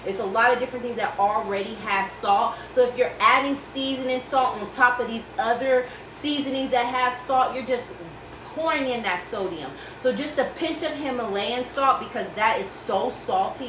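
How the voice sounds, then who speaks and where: Woman host, fairly high voice, chatty home-cook demo, noisy kitchen. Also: roomy sound, recorded from a distance. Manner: chatty, reassuring, calls viewers baby and girl. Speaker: cooking vlog host. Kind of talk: casual cooking demonstration.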